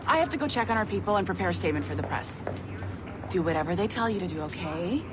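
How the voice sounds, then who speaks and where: A woman's voice: on the low side, lively intonation, quick pace, over music, lightly acted. A woman playing a chirpy overachieving boss. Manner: chirpy, upbeat. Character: perky overachieving female office boss. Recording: game audio with ambient noise.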